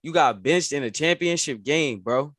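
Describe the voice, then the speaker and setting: A man co-hosting a podcast, chatting casually and excitedly about sports, saying "bro" often. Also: fairly high pitch, moderate pace. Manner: animated, says "bro" often. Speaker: podcast co-host.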